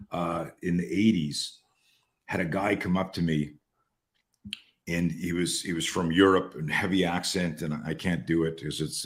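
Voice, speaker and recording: A man in his sixties, a podcast guest telling stories in a casual, profane way, restarting his sentences often. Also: deep voice. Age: 60s. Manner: profane, animated storyteller with many restarts. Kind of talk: casual storytelling.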